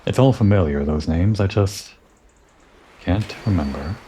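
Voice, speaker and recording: A man giving relaxed, musing commentary over a game playthrough, thinking aloud and talking to the character he plays. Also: deep voice, measured pace, a little hiss or hum. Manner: musing, talks to himself and the character. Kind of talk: relaxed let's-play commentary.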